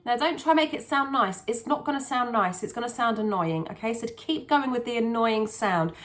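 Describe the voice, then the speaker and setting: A woman's voice: fairly high pitch, lively intonation, fairly quick, a bit bright. A woman vocal coach explaining singing technique in a chatty, patient way, often restarting her sentences.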